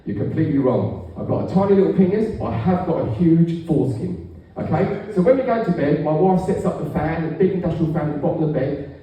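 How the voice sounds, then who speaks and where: A middle-aged man doing a stand-up routine, telling stories in a deadpan way with raunchy punchlines, on a comedy club stage. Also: fairly high pitch, quick pace. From England. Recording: echoey room, far from the mic.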